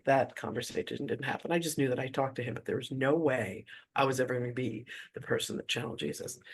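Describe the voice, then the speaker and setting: Chatty man telling a spiritual story. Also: mid-range voice. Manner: casual, chatty, many "like" asides. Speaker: spiritual teacher. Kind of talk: personal storytelling in a spiritual talk.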